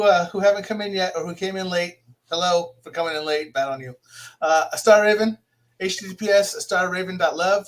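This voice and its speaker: A man with a notably high, light voice hosts a casual live interview, rambling and poking fun at himself. He stops and restarts his sentences often and sounds relaxed and conversational. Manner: rambling, self-deprecating, frequent restarts. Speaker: podcast host.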